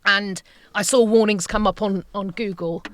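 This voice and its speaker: A middle-aged woman speaks as a podcast guest, sharing a painful personal story in a candid, halting way. She often repeats phrases and trails off. The recording is close and dry. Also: mid-range voice, steady tone, fairly bright tone, dry recording.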